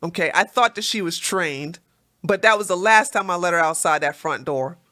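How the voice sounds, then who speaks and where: On a casual livestream, a woman with a voice on the low side talks at normal speed. She reads comments from chat and tells lively stories, often laughing and repeating words.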